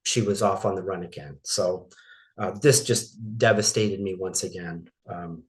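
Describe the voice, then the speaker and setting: Middle-aged guy from maine, lowish voice, halting and emotional, lots of restarts, telling his story in an interview. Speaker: interview guest.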